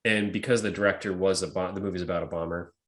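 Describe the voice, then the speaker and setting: A man's voice: sits low, steady tone, fast. A young man co-hosting a podcast, talking casually, swearing freely and laughing a lot. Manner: swears a lot, laughs, jumps into put-on doll voices. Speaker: podcast co-host. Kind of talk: casual chat.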